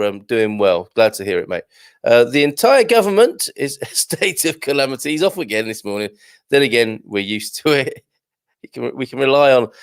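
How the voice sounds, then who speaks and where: A man's voice: medium pitch, vocal fry, no echo, studio quality. A middle-aged man hosting a live morning show, chatting casually and playfully as he reads out viewers' greetings, with frequent giggles and self-deprecating asides. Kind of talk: casual live-stream chat reading out viewer comments. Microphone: headphones and studio mic.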